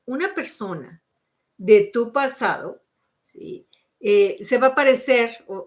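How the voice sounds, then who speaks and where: A woman doing live-stream psychic card readings, giving coaching advice and often checking in with the listener. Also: medium pitch. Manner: coaching, checks in with frequent "okay?"; switches between English and Spanish.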